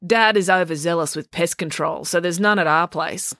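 A woman's voice: lowish voice, moderate pace, fairly bright tone, dry recording, studio quality. A woman voicing a nervous boy who coaxes and placates. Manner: coaxing, nervous.

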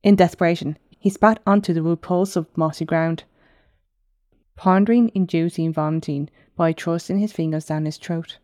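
A woman narrating her own fantasy novel in a steady, unhurried audiobook reading. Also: on the low side, no room sound, studio quality.

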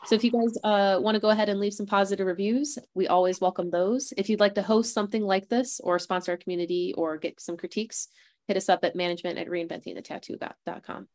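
A woman's voice: mid-range voice, steady tone, fast, darkish tone, no echo. A woman hosting a podcast on a video call, chatting and reading out announcements in a rambling, casual way. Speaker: podcast host.

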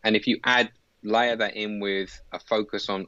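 A man's voice: on the low side, steady tone, a little fast, sharp tone, no echo, lo-fi sound. A middle-aged man, a leadership coach, explaining his approach in an earnest conversational way with frequent fillers. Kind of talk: conversational interview.

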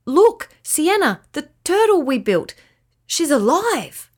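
Woman doing an excited little boy. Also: high voice, takes it slowly, pitched above the performer's own voice, full character voice. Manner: eager, exclamatory. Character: excited young boy at a beach party.

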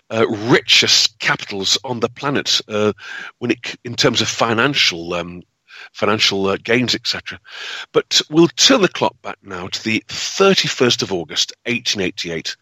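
Bright, dramatic male history storyteller. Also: lowish voice, no room sound, poor audio. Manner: dramatic, with frequent fillers and restarts.

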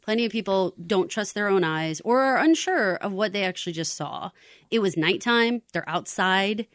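A woman's voice: medium pitch, lively intonation, normal speed, no room sound, clean studio sound. A woman co-hosting a casual podcast, chatty and thinking aloud about a TV drama. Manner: chatty, reasoning aloud, many fillers. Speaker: podcast co-host. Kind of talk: casual chat discussing a TV drama.

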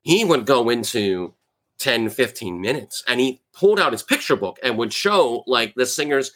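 A man's voice: medium pitch, expressive, normal speed, a bit bright. Sales trainer man, chatty and direct. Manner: conversational, keeps asking "right?". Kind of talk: talking-head sales advice.

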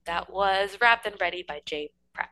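A woman guest on a podcast, giving a thoughtful, measured book rating with some hesitant fillers. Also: mid-range voice, sharp tone, no echo, low-quality recording. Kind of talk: casual book review chat.

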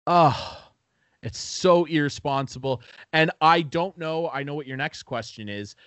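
A podcast host with a somewhat high voice tells a story in loose, profane chat. He jumps into the voices of the people he quotes. The sound is dry, with no room echo. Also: a little slow, fairly bright tone, clear, resonant tone.

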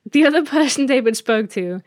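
A woman's voice: high-pitched, expressive, darkish tone, no room sound, studio quality. A woman co-hosting a casual podcast, playfully teasing as she tells a spooky story. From England. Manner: playful, teasing, dramatic pauses. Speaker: podcast co-host.

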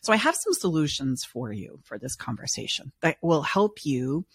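A woman's voice: low voice, very animated, moderate pace, husky, no room sound, studio quality. A woman relationship coach hosting a podcast conversation, talking earnestly and with emphasis. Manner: earnest, emphatic, acts out clients' voices. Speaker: relationship coach and show host.

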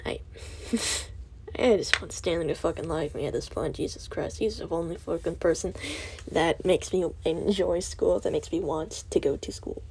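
A woman's voice: lowish voice, normal speed, dark tone, a little hiss or hum. A teenage girl rambling through a monologue with lots of filler words and swearing, putting herself down as she talks. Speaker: student vlogger.

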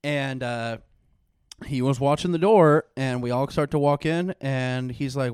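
A young man telling a personal story in casual chat, animated and profane, acting out the people he quotes. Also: medium pitch, normal speed, clean tone, no echo, studio quality. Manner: animated, swearing, acts out quoted voices.

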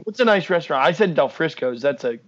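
Young dude ranting about sports, kinda high voice, swears a lot, muffled mic. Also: male voice, lively intonation, quick pace, a bit bright. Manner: ranting, blunt, swears freely. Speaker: podcast co-host. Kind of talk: casual sports chat. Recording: dull lo-fi podcast mic.

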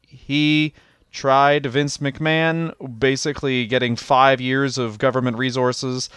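A man's voice: medium pitch, little pitch movement, slow, fairly bright tone, clean tone, no room sound, studio quality. A man co-hosting a comedy podcast, joking crudely and swearing often. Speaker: podcast co-host. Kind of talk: casual comedic chat.

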